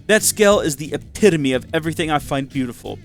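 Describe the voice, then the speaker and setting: A man acting out a vain, short-fused young man who keeps ranting and railing. The voice runs high and strained. A soft music bed sits behind him. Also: animated, quick pace, vocal fry. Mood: angry, ranting. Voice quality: ranting, exasperated.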